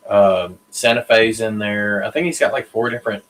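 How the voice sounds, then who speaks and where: A man's voice: fairly low pitch, normal speed, a bit bright, poor audio. A man explaining things casually on a video call, easygoing with many fillers. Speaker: guest. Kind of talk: casual chat.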